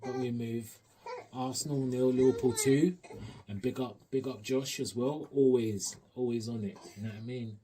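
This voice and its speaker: A man giving an animated, slang-heavy, rambling match review as a football fan. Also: mid-range voice, normal speed, few pauses, slight background noise. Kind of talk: excited football fan rant.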